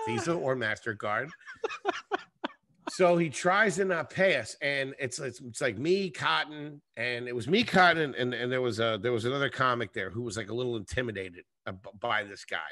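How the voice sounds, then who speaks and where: A man with a bright, forceful voice tells a story in a loose, profane ramble, like a stand-up comedian on a podcast. His delivery is animated, and the sound is dry and close, with no room around it. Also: medium pitch, normal speed, dry recording. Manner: profane, animated, acts out scenes. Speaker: comedian guest. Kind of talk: casual storytelling.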